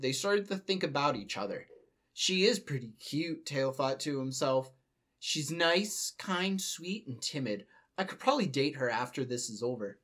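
A man's voice: fairly high pitch, fairly bright tone. Young man reading a fan story aloud. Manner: reads aloud with jokes and laughing asides. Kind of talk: comedic dramatic reading.

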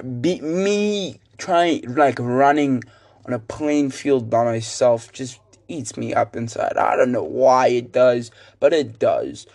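Rambling teenage guy telling a story. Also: a little high. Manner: rambling, animated storytelling with many "like" fillers. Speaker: student podcaster. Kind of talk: casual solo podcast monologue.

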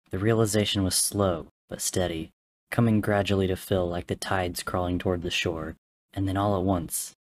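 A man narrating an audiobook-style story in a measured, somber way. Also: low voice, little pitch movement. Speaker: story reader. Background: faint music.

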